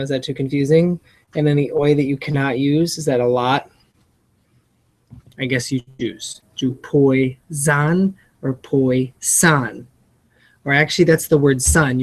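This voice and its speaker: Teacher for a spelling lesson prep walkthrough, unhurried, sounds words out letter by letter. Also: mid-range voice. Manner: friendly, chatty asides. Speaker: reading teacher coaching other teachers.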